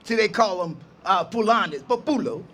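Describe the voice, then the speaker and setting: An older man, an imam, giving an impassioned outdoor speech at a park gathering, preaching with refrains and rising to shouts. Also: sits high, animated, moderate pace. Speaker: imam speaking at a ceremony.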